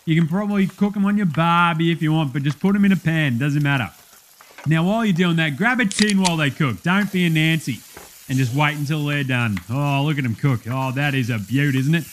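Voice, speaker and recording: A man's voice: a little high, brisk, slight background noise, close to an everyday voice. A man doing a boisterous Australian bloke hosting a cooking show, with a broad Australian accent and rowdy, slang-heavy banter in a comedy sketch.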